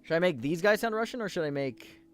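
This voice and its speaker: A man's voice: high voice, expressive, fast, a bit bright, faint music behind. A man streaming a role-playing game, chatting casually and self-deprecatingly with his viewers.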